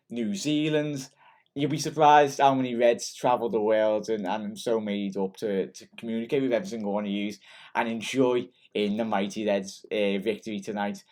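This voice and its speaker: A young man from Liverpool with a Scouse accent, chatting excitedly and rambling through viewer comments after a match. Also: on the low side. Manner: excitable and rambling, many ums and restarts. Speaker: football fan channel host. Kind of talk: casual post-match chat reading comments.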